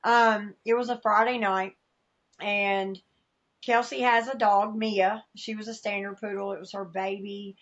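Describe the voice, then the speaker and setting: A woman's voice: medium pitch, little pitch movement, unhurried, dull audio. A woman with a Southern US accent, a podcast guest sharing a personal testimony, candid and emotional, acting out the voices she quotes. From American South.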